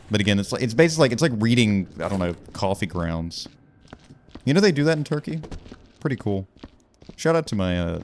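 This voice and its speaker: A man's voice: lowish voice, a little hiss or hum. A young man rambling and joking his way through casual gameplay commentary. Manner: rambling, jokey, puts on loud emcee shouts. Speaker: gaming YouTuber.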